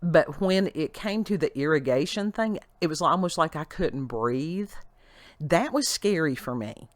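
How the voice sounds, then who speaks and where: A woman's voice: low voice, animated, unhurried, no room sound. A middle-aged woman with an Appalachian mountain accent, hosting a casual vlog and talking earnestly and folksily straight to her viewers. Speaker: host.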